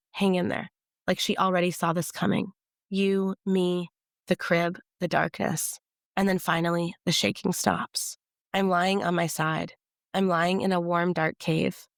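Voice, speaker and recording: A woman reading her novel aloud in the first person, in a measured, tense storytelling manner. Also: lowish voice, vocal fry, dry recording, clean studio sound.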